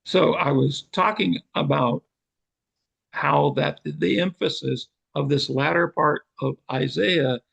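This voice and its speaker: A gravelly, slightly husky older man leads a Bible seminar. He speaks slowly and deliberately, pausing between phrases. His voice sits a bit higher than most men's. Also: poor audio. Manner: slow, measured, deliberate explanation. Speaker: teacher.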